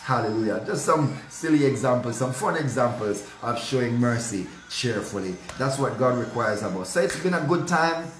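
Fervent praying pastor in a roomy space. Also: male voice, mid-range voice, animated, normal speed, hardly any pauses. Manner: fervent, repeats hallelujah and stammers on words. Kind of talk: prayer and devotional sermon. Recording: roomy echo, faint background noise.

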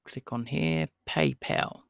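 A man with a raised, gravelly voice hosts a live stream, talking in a rambling, chatty way. He greets his viewers as he goes, and the sound is close and dry. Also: a little high, steady tone, slow, no room sound. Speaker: livestream host calling scammers. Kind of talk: casual livestream chat.

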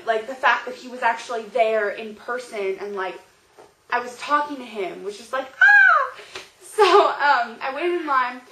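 A young woman with a high voice tells a story straight to camera, bubbling over with excitement and "like" after "like". The room around her is roomy and echoey. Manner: gushing, excitable, heavy use of "like". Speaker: vlogger. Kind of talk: casual storytelling vlog. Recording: roomy echo.

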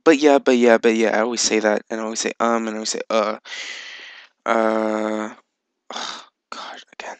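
A man chats loosely over his game footage, full of ums and easy swearing. His voice has a gravelly edge but stays smooth and clear. It sounds close and dry, with no room around it. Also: lowish voice, level tone, a little fast, no echo, poor audio. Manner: rambling, filler-heavy, swears casually. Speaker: video game channel host. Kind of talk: casual gameplay vlog chat.

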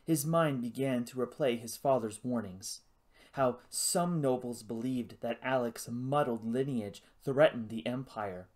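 A man reading a novel aloud as audiobook narration, in a dramatic, expressive way. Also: medium pitch, measured pace. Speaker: audiobook reader.

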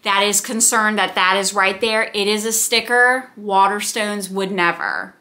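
A woman's voice: medium pitch, animated, a little slow, sharp tone. A young woman from the United States, chatting casually and gushing about books, with rambling asides. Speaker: book vlogger. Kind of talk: casual chat.

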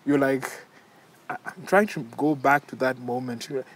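A man in his forties from Kenya, a guest in an interview, speaking softly and haltingly with many restarts as he recounts a hard time. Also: mid-range voice. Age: 40s. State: tearful. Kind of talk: emotional personal interview.

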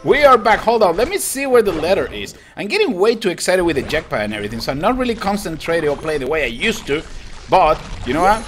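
A young man hosting a gaming channel, giving excited let's-play commentary, laughing, exclaiming and repeating himself as he plays. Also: sits high, fast talker. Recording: game music behind voice.

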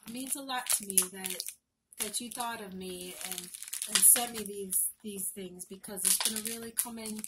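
A woman's voice: medium pitch, very noisy. A woman vlogger at home, chatting casually and gushing with emotion as she opens mail, often repeating herself. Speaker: crafting vlogger. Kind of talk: casual unboxing chat.

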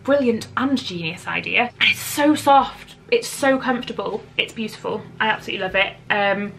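A woman's voice: mid-range voice, moderate pace, gravelly, fairly bright tone. A woman chatting casually to camera about beauty favourites at home, giggling often and poking fun at herself. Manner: chatty, giggly, self-deprecating. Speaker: beauty vlogger. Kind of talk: casual product chat to camera. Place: at home, seated indoors.

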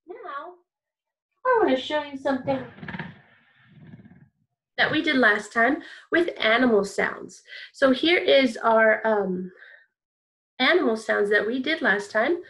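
Slow-paced, upbeat woman music teacher. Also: high voice, a bit bright. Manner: upbeat, encouraging, call-and-response. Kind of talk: online kids' music lesson.

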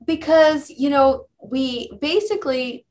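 A woman's voice: high voice, takes it slowly, a little mellow, slight background noise. A middle-aged woman, a psychologist guest on an interview podcast, talking earnestly and telling stories with many fillers and restarts. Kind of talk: conversational interview answers.

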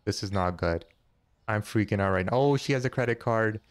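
A man hosting a casual let's-play, chatty and jokey, thinking aloud and counting money out loud as he goes. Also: lowish voice, brisk, no room sound. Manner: jokey, easily startled. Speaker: gaming channel host.

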